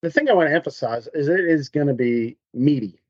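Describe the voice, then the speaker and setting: A man guest on a business podcast, telling stories in an animated, conversational way and acting out what people said. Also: a little high, brisk, highs cut off. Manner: animated storyteller, acts out quotes. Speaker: podcast guest, MSP consultant. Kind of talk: conversational interview storytelling.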